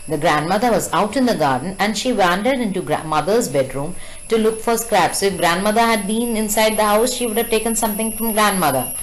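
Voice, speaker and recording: A woman teacher reading and retelling a story to students, pausing to explain words and ask the class questions. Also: medium pitch, a little hiss or hum, rough recording.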